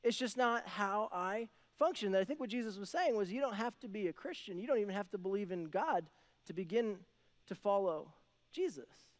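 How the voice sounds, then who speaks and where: A young man preaching a casual, conversational sermon, acting out the people in the story with quick voices and lots of "like" and "right?". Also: sits high, animated, darkish tone. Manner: conversational, acts out voices of biblical characters, many "like" and "right?". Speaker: pastor.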